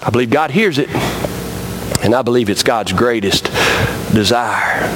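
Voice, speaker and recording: A man preaching a sermon, swinging from loud emphatic peaks to low quiet stretches and often repeating words. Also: expressive, unhurried, background noise. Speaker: pastor.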